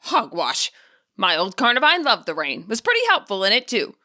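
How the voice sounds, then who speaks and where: Grumpy old male spirit, gruff and blunt, voiced by a woman, animated delivery. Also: mid-range voice, normal speed. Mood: grumbling. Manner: huffy, scolding.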